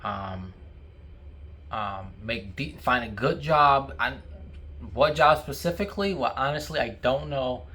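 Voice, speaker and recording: A man's voice: medium pitch, lively intonation, sharp tone. Rambling young man eating while talking. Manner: rambling and halting, full of fillers and restarts. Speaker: vlogger. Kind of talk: casual talk to camera.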